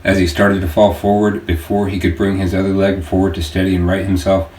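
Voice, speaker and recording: Very low, flat-voiced male audiobook narrator. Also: fairly quick. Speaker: author reading his audiobook. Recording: echoey room, distant mic, faint noise.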